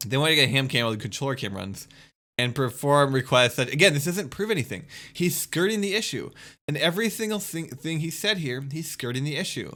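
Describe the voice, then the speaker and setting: Young male streamer, fired-up rant, bright edgy tone, a touch higher than most guys, swears freely. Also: animated, fast. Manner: exasperated, swearing, repetitive rebuttals. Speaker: streamer responding to a critic. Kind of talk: casual ranting commentary.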